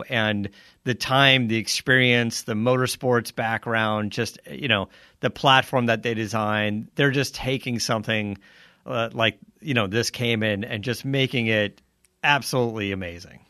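A man hosts a casual podcast, talking in an easygoing, chatty way. His middle-pitched voice is recorded close and dry, with no room around it. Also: steady tone, measured pace, bright, forceful tone, no room sound. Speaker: podcast host.

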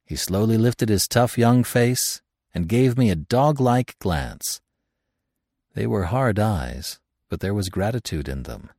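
A man reading a first-person story aloud as the narrator, in an expressive, theatrical style. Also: fairly low pitch, takes it slowly, dry recording, clean studio sound. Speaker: audiobook narrator.

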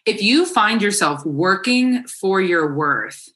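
A woman's voice: medium pitch, expressive, takes it slowly, fairly bright tone. A woman speaking as a guest life coach in a casual podcast chat, emphatic and encouraging, blunt and unafraid to swear.

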